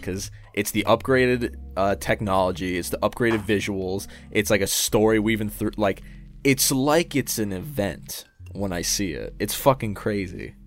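A man hosting a casual podcast, joking around and swearing with his guest. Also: on the low side. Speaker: podcast host.

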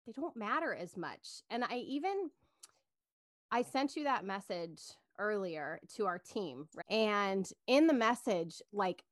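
A woman's voice: medium pitch, animated, a little slow, no echo, clean studio sound. Upbeat woman podcast co-host. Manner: upbeat, earnest, laughs easily. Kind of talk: casual faith podcast chat.

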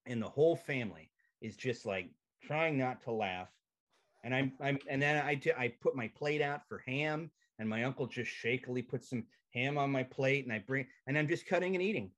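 A man's voice: medium pitch, normal speed. Man telling a profane comic story. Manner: profane, animated, comic timing. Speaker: comedian guest. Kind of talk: casual storytelling on a podcast. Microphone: video call.

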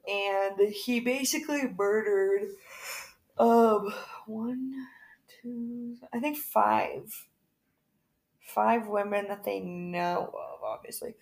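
A woman's voice: medium pitch, takes it slowly, vocal fry. A young woman co-hosting a podcast in casual chat, talky and full of fillers. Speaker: podcast co-host.

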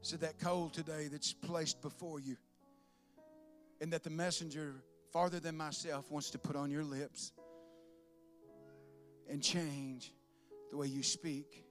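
Bright-voiced preaching man. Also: fairly high pitch, fairly even intonation, measured pace, pauses often, faint music behind. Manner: swings from loud preaching to soft asides, with laughs. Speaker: pastor. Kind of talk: sermon.

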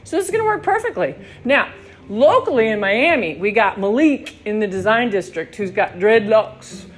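A woman hosting her own podcast in a rambling, excitable monologue, swearing freely. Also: fairly high pitch, moderate pace. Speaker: podcast host. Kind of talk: casual monologue.

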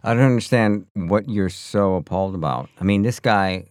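A man's voice: on the low side, moderate pace, a little mellow, no echo, studio quality. A man co-hosting a casual podcast who talks sarcastically and swears freely, often in mock-outraged rants. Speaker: podcast co-host. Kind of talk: casual chat.

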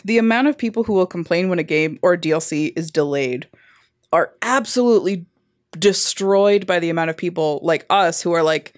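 A woman's voice: lowish voice, normal speed, no room sound, studio quality. A woman co-hosting a casual gaming podcast, blunt and opinionated, swearing freely. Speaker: podcast co-host.

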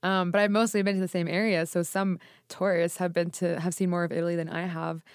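A woman's voice: lowish voice, little pitch movement, fast, clear, resonant tone, no echo, studio quality. A young adult woman, chatting casually as a podcast guest, full of fillers. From United States. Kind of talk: casual chat.

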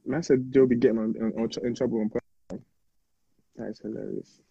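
A man's voice: medium pitch, level tone, brisk, vocal fry, slightly rough, dry recording. A young man co-hosting a casual podcast, teasing in slang and repeating his jokes. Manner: teasing, repetitive slangy interjections. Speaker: podcast co-host. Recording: dull, dry lo-fi sound.

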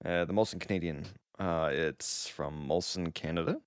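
A man's voice: low voice, moderate pace, clear, resonant tone, no echo, clean studio sound. A man co-hosting a casual podcast, reading news items aloud and joking along the way. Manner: reads out news items with jokey asides. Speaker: podcast co-host. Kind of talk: casual chat.

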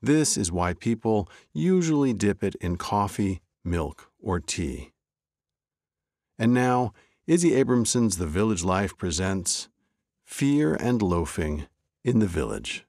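A male host narrating a folk tale with a deep, slow voice. His pitch rises and falls expressively in a wry, measured storytelling manner. The recording is close and dry. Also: a little mellow, no room sound.

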